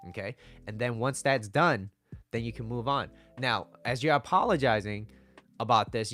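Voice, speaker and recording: A man's voice: mid-range voice, fairly bright tone. A man talking casually as a dating coach, coaxing and conversational, often repeating himself. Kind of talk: casual advice talk to camera.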